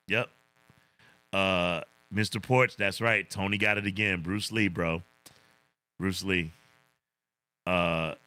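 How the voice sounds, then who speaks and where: Deep-voiced laid-back man hosting a livestream. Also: sharp tone, no echo. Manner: laid-back, chuckles often, says "man" a lot. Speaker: livestream host. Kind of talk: casual livestream chat, reading viewer comments.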